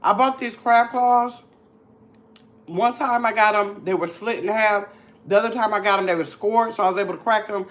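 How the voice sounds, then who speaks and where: A woman's voice: medium pitch, moderate pace. A woman from Milwaukee hosting a casual livestream, chatting and teasing viewers in the chat. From Milwaukee, Wisconsin. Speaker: livestream host.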